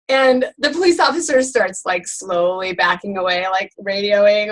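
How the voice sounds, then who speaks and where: A woman co-hosting a casual sales show, chatty and animated, laughing often as she tells a joke. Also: medium pitch, measured pace, low-quality recording. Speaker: co-host. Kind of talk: casual chat.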